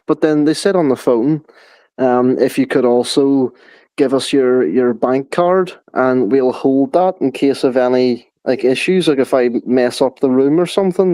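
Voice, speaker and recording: A man's voice: mid-range voice, darkish tone, no room sound, low-quality recording. Rambling, casual swearing man, dry sound. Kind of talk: casual chat.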